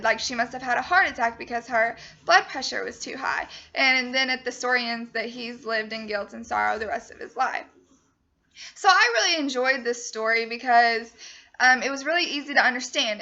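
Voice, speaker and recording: A young woman gives a class presentation on a short story, retelling it casually and leaning on "you know" and "um". Her voice sits high and sounds bright and sharp. The recording is dull and lo-fi. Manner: chatty, full of fillers like "you know" and "um". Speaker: student presenter. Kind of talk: casual spoken book summary.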